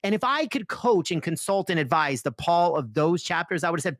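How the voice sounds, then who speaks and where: A man talking as a podcast guest and author, telling energetic stories with lively voiced asides. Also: fairly high pitch, brisk, hardly any pauses, no echo, clean studio sound. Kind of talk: conversational interview.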